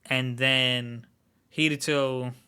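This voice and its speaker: A man co-hosting a podcast, chatting casually and retelling a plot twist in a relaxed way. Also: medium pitch, drawn-out words, smooth. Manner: relaxed storytelling with fillers. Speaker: podcast co-host. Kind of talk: casual chat about an anime.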